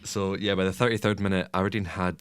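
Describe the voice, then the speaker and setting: Male co-host, very low voice, relaxed and hesitant, dry sound. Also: fast, clean tone, dry recording. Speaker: podcast co-host. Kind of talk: casual football chat.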